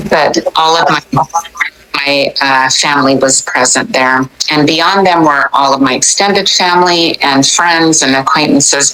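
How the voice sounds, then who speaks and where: A woman's voice: extremely low pitch, bright, forceful tone, rough recording. A woman in her forties telling her near-death experience in an earnest, reflective way, with frequent halts and restarts. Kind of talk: recounted personal story.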